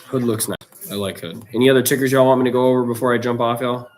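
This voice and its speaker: A man's voice: mid-range voice, steady tone, quick pace, slight background noise. A man hosting a live trading stream, talking casually and loosely with slang, reacting to viewers' chat. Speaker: livestream trading host.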